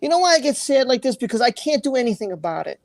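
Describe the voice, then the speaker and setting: A man's voice: very high-pitched, big pitch swings, fast talker, dry recording. A man hosting a livestream, reading out viewer comments and talking in an earnest, emotional way, repeating himself and swearing freely. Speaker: livestream host.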